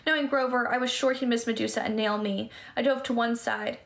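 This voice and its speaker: A woman with a fairly high voice reads a first-person adventure novel aloud. She keeps a plain storytelling pace and sometimes trips over a word and starts it again. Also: level tone, fairly quick, gravelly. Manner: stumbles and restarts words while reading. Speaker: reader.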